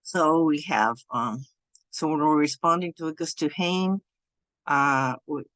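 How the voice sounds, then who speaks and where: A woman teaching an online beginners' language lesson over Zoom while sharing her screen, speaking in a loose, halting way with frequent restarts. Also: sits low, a bit bright, no room sound. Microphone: computer mic over Zoom.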